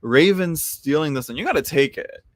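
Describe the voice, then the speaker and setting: A man's voice: on the high side, lively intonation, moderate pace, no echo. A man hosting a casual live tarot chat, rambling with many restarts and laughing easily as he talks to viewers.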